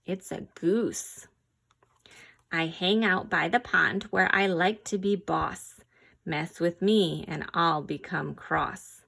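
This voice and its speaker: A woman reads a children's farm-animal picture book aloud at an unhurried pace. She pauses to quiz the listener and makes playful animal noises, and a slight gravelly fry runs through her voice. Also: fairly low pitch. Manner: slow, gentle read-aloud with animal sounds and quiz questions. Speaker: reader.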